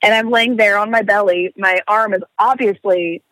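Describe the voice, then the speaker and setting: Young woman, casual storyteller, expressive, swears, dry sound. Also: mid-range voice, moderate pace, no room sound, poor audio. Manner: animated storyteller, swearing, laughing, acting out quotes. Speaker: guest telling a story. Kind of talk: casual podcast chat.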